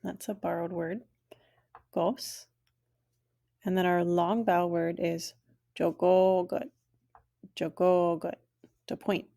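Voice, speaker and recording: A woman teaching a language lesson, saying each word slowly and clearly and then repeating it. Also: on the low side, steady tone, warm tone.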